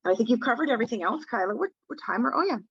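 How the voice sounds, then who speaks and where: A woman's voice: fairly high pitch, animated, racing, a bit bright, breathy edge, no echo. A woman defence lawyer teaching in a webinar, talking in a direct, conversational way and leaning on key words, heard through a phone. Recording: dull lo-fi phone audio.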